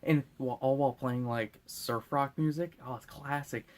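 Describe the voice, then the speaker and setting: A man's voice: medium pitch, steady tone, normal speed. Drunk guy rambling thru a movie recap, crude jokes, goofy voices. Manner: rambling, crude, laughing, acting out lines in silly voices. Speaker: host.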